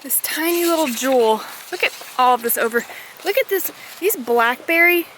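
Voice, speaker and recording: A woman, chatting excitedly as she walks her garden for a homesteading vlog, gasping at her finds. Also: high voice, normal speed, a little hiss or hum, rough recording. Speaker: homesteading vlogger. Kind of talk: casual walk-and-talk vlog. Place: outdoors in a rural garden. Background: outdoor ambience, rustling leaves, animals.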